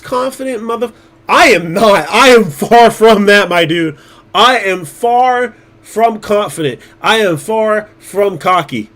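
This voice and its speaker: A man with a fairly high voice talks to his stream viewers in a loose, unscripted ramble. He is blunt and swears freely, often doubling back and restarting mid-thought. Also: a bit bright. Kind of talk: casual livestream chat.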